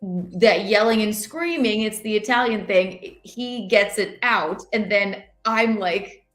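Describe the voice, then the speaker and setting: A woman hosting a podcast, chatting casually in an animated, rambling way with lots of restarts. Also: medium pitch, slow pace, soft background music. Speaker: podcast host. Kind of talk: casual chat. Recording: roomy echo.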